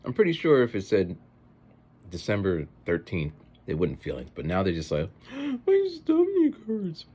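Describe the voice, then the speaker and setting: A man's voice: deep voice, normal speed. A man with kids telling stories in a casual, rambling vlog monologue while he eats. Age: adult with children. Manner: rambling, animated, mimics other people's voices in quotes. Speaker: vlogger. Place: home, eating a meal.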